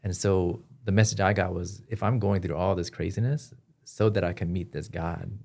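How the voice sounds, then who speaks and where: A man as a podcast guest, telling his personal story in an earnest, halting way with frequent restarts. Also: low voice, steady tone, vocal fry, darkish tone. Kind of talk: personal testimony in an interview.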